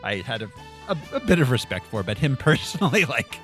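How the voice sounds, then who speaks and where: Lively, laughing podcast host man. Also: mid-range voice, fairly quick, soft background music. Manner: animated, laughs often, runs the segments. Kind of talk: casual chat.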